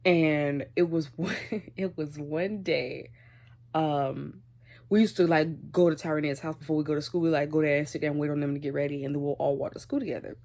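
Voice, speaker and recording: Lowish-voiced young woman telling a story. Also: fairly quick. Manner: chatty, animated, laughs through the story. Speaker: vlogger. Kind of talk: casual storytime.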